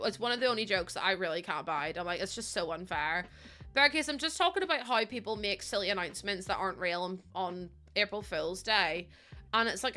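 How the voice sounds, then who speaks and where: Chatty woman streamer with a bright voice. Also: medium pitch. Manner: heated, chatty, talks to chat by name. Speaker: live streamer. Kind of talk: casual chat while building in a game.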